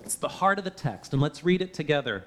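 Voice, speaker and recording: A man's voice: fairly high pitch, big pitch swings, fast talker, a bit bright. A man preaching a sermon, earnest and emphatic, often asking the listeners rhetorical questions. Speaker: pastor.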